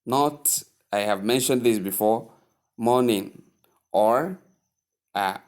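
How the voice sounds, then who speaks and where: A man teaching English pronunciation, repeating each word slowly and carefully. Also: lowish voice, darkish tone. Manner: repeats words slowly, drawn-out emphasis. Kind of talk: slow spoken lesson.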